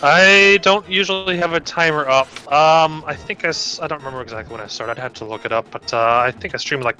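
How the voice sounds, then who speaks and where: A man's voice: a little high, fast, bright, forceful tone, soft background music, rough recording. A man streaming a game, chatting casually, laughing often and talking himself through his moves. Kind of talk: casual chat while playing a game.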